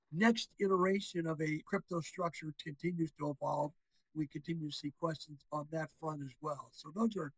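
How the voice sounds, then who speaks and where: A man as interview guest, explaining policy topics in a deliberate, measured way with occasional restarts. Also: high voice, fairly bright tone, breathy edge, no room sound, rough recording. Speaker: interview guest, securities regulator.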